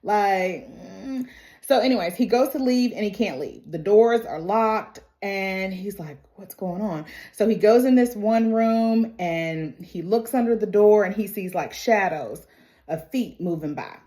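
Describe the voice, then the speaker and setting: A woman's voice: medium pitch, unhurried, dark tone. Woman movie reviewer, casual recap, chatty and laughing, acts out lines.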